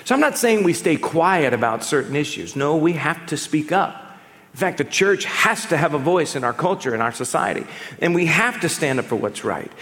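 A male pastor delivers a sermon with a lively, swinging pitch that leaps and drops as he makes his points. He keeps it conversational and a little playful, with a slightly higher voice than most men. His words ring out in a long, lingering reverb from a large sanctuary. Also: normal speed. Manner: animated, conversational preaching with humor.

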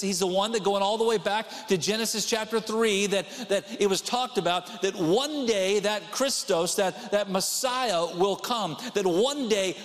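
A man's voice: high-pitched, long reverb tail. A man preaching a sermon as pastor, talking in a conversational way and repeating key phrases for emphasis.

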